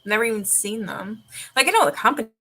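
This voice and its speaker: Bright-voiced woman, casual chat. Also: on the high side, animated, fast. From Canada. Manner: swears freely, laughs often, rambling. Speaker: streamer.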